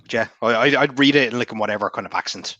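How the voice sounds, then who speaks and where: Fast-talking Irish man, bright tone. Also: mid-range voice, no echo, highs cut off. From Ireland. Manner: rapid, rambling, heavy on fillers and swearing. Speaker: guest author. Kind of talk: casual podcast chat.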